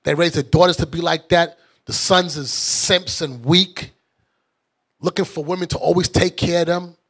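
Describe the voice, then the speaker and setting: A man's voice: on the high side, steady tone, moderate pace, fairly bright tone. A man preaching as a bishop in a fiery, mocking, blunt sermon style. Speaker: bishop and teacher.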